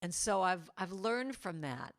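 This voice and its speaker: Woman, middle-aged, lowish voice, spiritual talk, animated and playful, video call from home. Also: a little slow. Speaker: guest speaker and singer.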